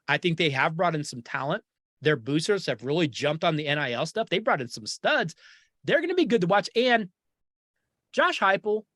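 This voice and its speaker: A man hosting a sports talk show, talking in an animated, opinionated and jokey way. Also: high-pitched, no echo, studio quality. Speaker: podcast host.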